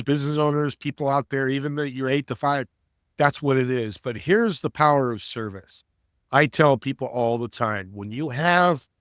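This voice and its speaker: A man's voice: mid-range voice, a bit bright, no room sound, studio quality. A man who is an entrepreneur and podcast guest, telling stories in an earnest, preachy, motivational way. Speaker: entrepreneur and networking coach, guest. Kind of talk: interview storytelling.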